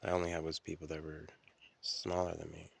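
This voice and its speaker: A man's voice: rumbling low, monotone, brisk, gravelly, no room sound. A man telling stories in a rambling, profane, stream-of-consciousness solo monologue, often restarting his sentences.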